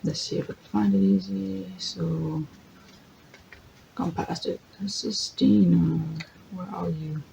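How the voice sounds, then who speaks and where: Gravelly-voiced chatty tarot reader. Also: medium pitch, steady tone, takes it slowly, warm tone, slight background noise, rough recording. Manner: chatty, thinks aloud, often corrects itself; laughs easily, reads lists from a guidebook. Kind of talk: casual general tarot reading.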